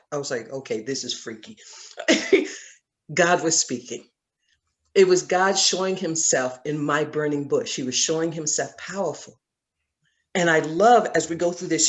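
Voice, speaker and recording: A woman with a Southern accent leading a Bible study over a video call, telling a personal story in an earnest, storytelling manner. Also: sits low. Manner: earnest, storytelling, laughs often. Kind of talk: conversational Bible teaching.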